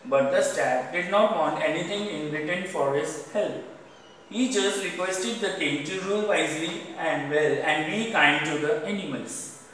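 A man's voice: on the high side, unhurried, a bit bright, a little hiss or hum. Man with an Indian accent reading a lesson. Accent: Indian English. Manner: repeats "underline the word" between sentences. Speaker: teacher. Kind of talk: reading a story aloud and explaining words. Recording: echoey room, voice far from mic.

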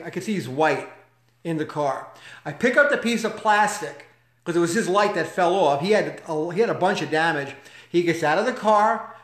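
A man's voice: a little high, a bit bright. A man giving a motivational talk, telling a personal story in an emphatic, conversational way with rhetorical questions. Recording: echoey room.

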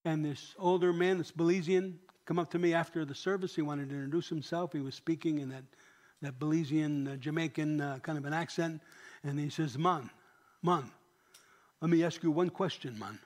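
A man's voice: on the high side, steady tone, fairly quick, darkish tone. A man, a pastor, preaching a sermon in a church, emphatic and often asking the congregation questions.

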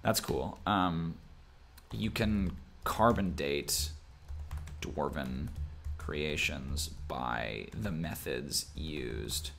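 Gravelly-voiced man thinking aloud, typing behind. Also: rumbling low, animated, extremely slow, a bit bright. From Minnesota, USA. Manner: thinks aloud with many fillers and restarts. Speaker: game master and show host. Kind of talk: casual livestream chat, reading viewer comments.

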